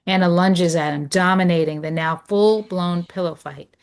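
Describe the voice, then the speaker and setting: Woman narrator, stage directions, low voice, measured. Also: steady tone, clear, resonant tone. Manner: measured, descriptive. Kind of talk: script read of stage directions.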